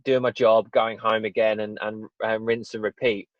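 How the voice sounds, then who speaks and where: In a relaxed podcast interview, a young male guest who runs a fitness business rambles through candid stories, often restarting his sentences. He speaks at normal speed in a lowish voice with little pitch movement, on muffled, dull, dry lo-fi audio without room sound.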